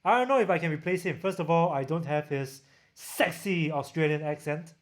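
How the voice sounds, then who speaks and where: Hosting a livestream, a tech reviewer from Singapore speaks with a Singaporean accent and a voice on the high side. He chats casually, reads viewer comments out loud, and frequently stops and restarts sentences. A camera-mounted shotgun mic captures him.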